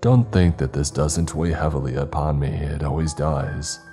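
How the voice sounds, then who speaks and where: A grave priest in a horror storybook, solemn and full of regret, as a deep-voiced male narrator puts him on. He speaks low and dark, slow and sorrowful. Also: fairly even intonation, soft background music. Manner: solemn, apologetic.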